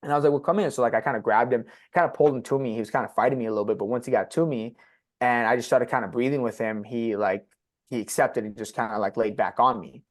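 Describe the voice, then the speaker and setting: Young male podcast guest, confessional and unpolished, swears freely, mid-pitched voice. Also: fairly even intonation, quick pace. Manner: blunt and profane, heavy use of "like". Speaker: podcast guest sharing his story. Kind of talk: candid personal storytelling.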